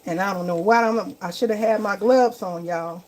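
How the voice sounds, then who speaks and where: A home cook and vlogger hosts a casual live cooking vlog in her home kitchen, chatting with viewers and calling them y'all and baby. She has a medium-pitched voice and a moderate pace. The low-quality kitchen recording is full of loud frying and sizzling from the pan.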